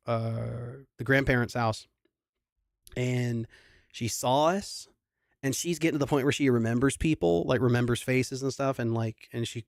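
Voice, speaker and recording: A man's voice: medium pitch, smooth, dry recording, studio quality. A young adult man, a singer hosting a livestream concert, chatting casually and rambling through a sentimental story with many restarts.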